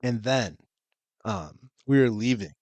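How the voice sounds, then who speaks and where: A man's voice: mid-range voice, measured pace, darkish tone, no echo. A young man co-hosting a podcast, casually telling a profane story and laughing as he goes. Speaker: podcast co-host. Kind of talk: casual chat. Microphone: podcast mic.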